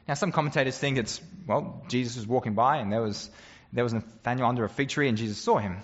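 A man's voice: mid-range voice, quick pace, few pauses, in a large hall, muffled recording. A man preaching a sermon as a pastor, conversational and earnest, often asking the congregation rhetorical questions.

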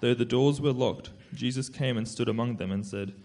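A man narrating scripture aloud to a church in a measured, solemn way. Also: medium pitch, darkish tone. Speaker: scripture reader. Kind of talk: dramatic scripture reading.

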